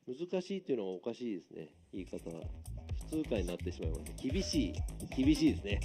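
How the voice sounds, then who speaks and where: A man commentating on drift runs, talking quickly and switching between Japanese and English. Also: on the low side, sing-song, warm tone, faint music behind. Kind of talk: motorsport commentary.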